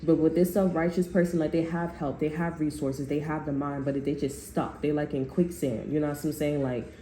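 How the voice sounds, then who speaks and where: A tarot reader with a medium-pitched, dark, steady voice gives viewers a casual reading at a moderate pace, rambling loosely with slang and swearing and often restarting sentences. The room is echoey with faint noise.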